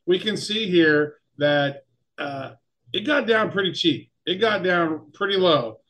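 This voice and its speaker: Man, playful co-host, slightly raised pitch, rambling delivery. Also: animated, slow, fairly bright tone. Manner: playful, rambling, self-mocking. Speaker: podcast co-host. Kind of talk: casual podcast banter.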